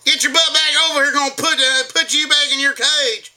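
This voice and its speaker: A man putting on a twangy Southern accent as a male parent yelling at his kid. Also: very high-pitched, fairly even intonation, a little fast, voice pushed up, full character voice. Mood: scolding. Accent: American Southern.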